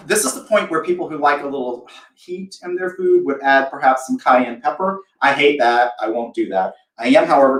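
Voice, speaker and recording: A man's voice: medium pitch, reverberant, distant mic, low-quality recording. A man from the American South hosting a live cooking demo, chatty and self-deprecating, acting out imagined reactions as he talks through a recipe. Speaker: host of a live cooking show.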